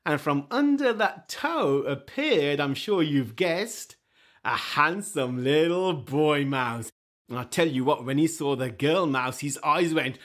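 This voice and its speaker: A man telling a folk tale to children in a lively, animated way, inviting the audience to join in with voices and sounds. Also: fairly high pitch, measured pace. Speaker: storyteller. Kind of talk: interactive children's storytelling.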